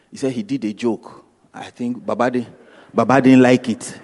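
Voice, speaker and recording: A man's voice: medium pitch, steady tone, normal speed, a little mellow. Emphatic Nigerian man in a big hall. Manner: emphatic, repetitive, acts out dialogue. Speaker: speaker. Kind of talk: motivational talk with storytelling. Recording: long hall reverb.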